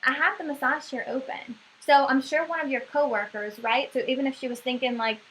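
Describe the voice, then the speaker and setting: A woman's voice: sits high, fairly even intonation, fairly quick, hardly any pauses, a bit bright, a little hiss or hum, poor audio. A woman giving a staff sales training talk, coaching and often checking in with "right?".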